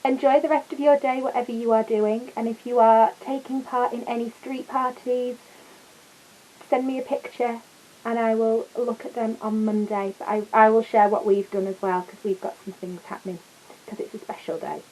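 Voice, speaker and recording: Gentle woman reading a children's book. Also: on the high side, steady tone, moderate pace, rough recording. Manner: gentle, adds asides to listeners. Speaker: storyteller.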